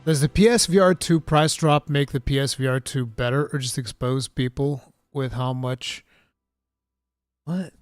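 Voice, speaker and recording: A man hosting a live gaming talk stream, reading chat questions and chatting casually in an animated, rambling way. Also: mid-range voice, measured pace, no room sound. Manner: animated, excitable, rambling with restarts.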